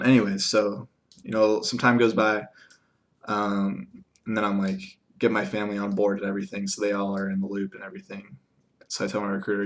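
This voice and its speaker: Young man telling a rambling story, low voice. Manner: rambling, filler-heavy, acts out quoted exchanges. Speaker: vlogger. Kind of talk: casual storytelling.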